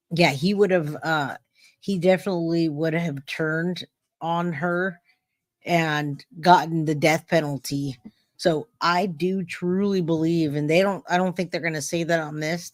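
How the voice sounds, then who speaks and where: A man's voice: fairly high pitch, no room sound, clean studio sound. A man hosting a live stream, giving casual true-crime commentary and talking straight to his chat with lots of restarts. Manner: chatty, addresses chat directly, many restarts.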